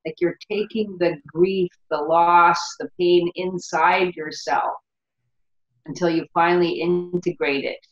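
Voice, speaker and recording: A woman's voice: on the low side, steady tone, a little slow, roomy sound, dull audio. A woman in a casual podcast discussion, speaking thoughtfully and searching for her words.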